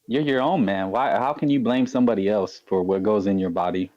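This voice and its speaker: A man's voice: on the low side, brisk, mellow. A man on a casual podcast panel, talking bluntly and teasing the host. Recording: dull lo-fi mic.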